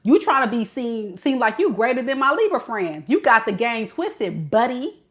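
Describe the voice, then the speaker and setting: A woman's voice: a little high, sing-song, normal speed. A woman giving a casual tarot reading to camera, talking in a sassy, slangy way and laughing often. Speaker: tarot reader.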